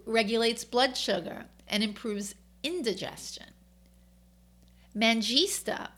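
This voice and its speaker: A woman's voice: medium pitch, fairly bright tone. A woman with a New York accent hosting a wellness talk, upbeat and enthusiastic, with chatty asides to her listeners. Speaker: wellness author and host. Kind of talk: scripted wellness talk to camera.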